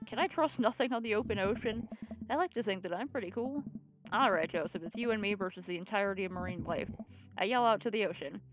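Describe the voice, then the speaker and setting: A woman's voice: mid-range voice, fast, music in the background. A woman streamer reading a video game aloud and playing it, with playful joking asides.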